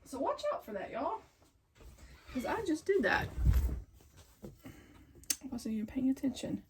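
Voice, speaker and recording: A woman's voice: high voice, big pitch swings, measured pace. A woman hosting a casual sewing tutorial, thinking aloud and rambling as she grows frustrated with her work. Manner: talks to herself, frustrated and rambling. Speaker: quilting video host. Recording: sewing machine noise behind.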